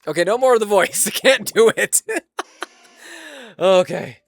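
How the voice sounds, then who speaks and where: A man's voice: high voice, expressive, unhurried, gravelly, no room sound. A man streaming a game who chats to viewers, laughs often and swears casually. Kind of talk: casual live-stream gameplay chat.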